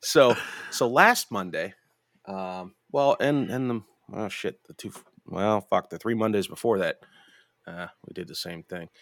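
A man's voice: fairly low pitch, a little slow, fairly bright tone, no room sound. Profane, rambling young male podcast host. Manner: rambling, profane, laughing, restarts often. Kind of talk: casual storytelling chat.

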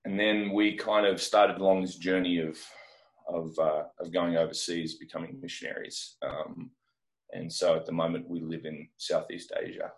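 Deep-voiced Australian man, casual. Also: flat delivery, normal speed. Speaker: podcast guest, missionary. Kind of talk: casual interview chat.

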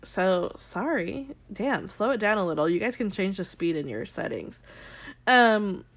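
A woman's voice: mid-range voice, sing-song, unhurried. A young adult woman recapping a show for her viewers in a rambling, candid way, full of "like" and swearing. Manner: rambling, heavy "like" filler, frequent swearing; addresses viewers directly, candid and opinionated. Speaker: vlogger recapping a TV episode. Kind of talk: casual chatty recap to viewers.

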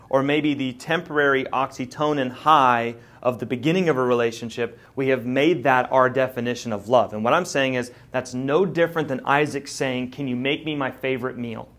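A man in his thirties gives a sermon as the pastor. He talks in a loose, conversational way, full of asides and jokes, at an ordinary middle pitch. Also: a bit bright.

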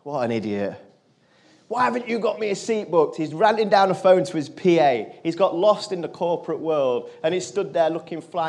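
A man, speaking earnestly to an audience as a motivational speaker and telling a personal story. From England. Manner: earnest, drops his voice low and quiet for quoted lines.

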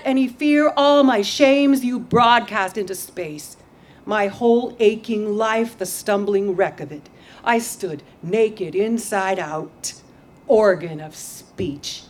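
Slow, intense woman poet reading aloud. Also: medium pitch, a little hiss or hum. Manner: intense and dramatic, turning wry and self-mocking. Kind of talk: live poetry reading. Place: outdoor backyard venue.

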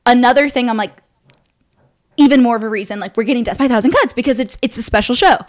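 A young woman co-hosting a casual podcast, telling an excited story fast with lots of fillers. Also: a little high. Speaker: podcast co-host. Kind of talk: casual chat.

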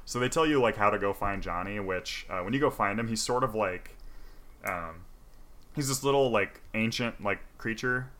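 Bright-toned man in loose, profane chat. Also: fairly low pitch, normal speed. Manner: loose, profane, full of fillers. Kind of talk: casual chat retelling a game story.

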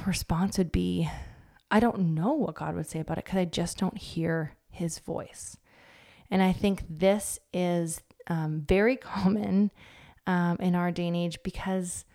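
A woman in her thirties shares a devotional talk in a relaxed, chatty way. Her voice sits low and has a gravelly fry to it. Now and then she acts out little quotes. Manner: warm conversational, with fillers and acted-out quotes. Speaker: Christian speaker.

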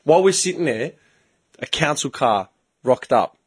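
A man's voice: mid-range voice, animated, moderate pace, husky, no echo. A man with an Australian accent, telling a story in casual chat as co-host, acting out the quoted voices and swearing freely. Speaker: podcast co-host.

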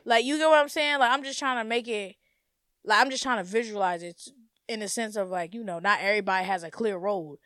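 A young woman hosting her own podcast, ranting in a blunt, profane, animated way and laughing often. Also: mid-range voice, fairly quick, clear, resonant tone, no room sound, studio quality. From United States. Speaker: podcast host. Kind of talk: casual solo podcast rant.

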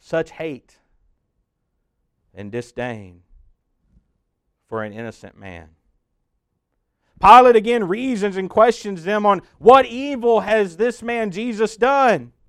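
A man narrating a sermon in a raised, fairly high register, his voice smooth and clear. He talks straight to the listener as "you", building to loud peaks and sinking to hushed lows. The sound is dry and close. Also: big pitch swings, slow pace, long pauses, no room sound. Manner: addresses the listener as "you", swelling loud then dropping hushed. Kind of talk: dramatic guided sermon narration.

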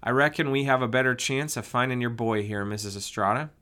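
A man voicing a folksy male ranger leader who shouts to a search party in an audiobook. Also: fairly quick, close to an everyday voice. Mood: rousing. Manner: booming, folksy.

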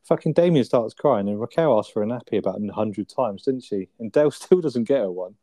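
A man's voice: mid-range voice, animated, brisk, mellow, no echo. A man in casual chat, retelling sitcom scenes with frequent laughter and swearing. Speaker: podcast co-host.

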